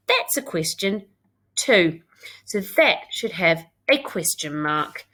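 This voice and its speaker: Woman, British accent, primary teacher, recorded lesson for young pupils, step-by-step explanations, slightly low voice. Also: sing-song, slow, pushed and bright. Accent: British English. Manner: reads her own writing aloud, then talks it through step by step. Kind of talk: recorded online English lesson.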